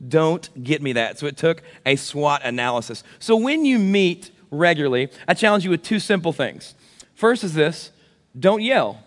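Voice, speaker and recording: A man in his thirties, a pastor, giving a sermon with animated, self-deprecating stories. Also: on the high side, moderate pace, big-room sound. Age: 30s.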